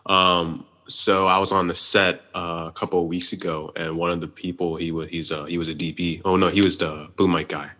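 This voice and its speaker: Deep-voiced man talking fast. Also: level tone, bright, forceful tone. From Pittsburgh area. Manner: talks fast, runs words together. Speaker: podcast guest, filmmaker. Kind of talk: casual chat.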